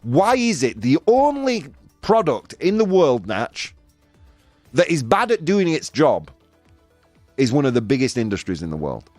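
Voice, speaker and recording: Yorkshire male podcast host, lively rambling delivery, dry recording. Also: mid-range voice, measured pace, no room sound, faint music behind. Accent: Yorkshire English. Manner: animated, jokey, rambling with restarts. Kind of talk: casual podcast chat.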